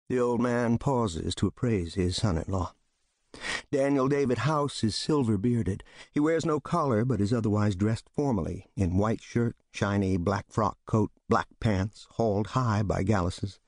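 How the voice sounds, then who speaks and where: A man giving scripted literary narration in a measured, steady storytelling delivery. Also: fairly low pitch, breathy edge, no room sound, studio quality. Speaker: audiobook reader.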